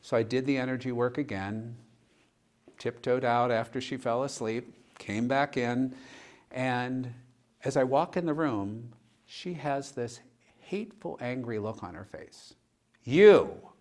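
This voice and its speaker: A man's voice: mid-range voice, measured pace. Male pastor, mid-range voice, easygoing storyteller for a church panel. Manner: conversational, retells dialogue with "and she goes". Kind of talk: personal storytelling in a panel discussion.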